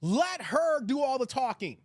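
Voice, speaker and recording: A man hosting a livestream, giving loud, crude commentary and reading out his chat. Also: extremely high pitch, sing-song, measured pace, dry recording, clean studio sound. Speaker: host of a livestream commentary show.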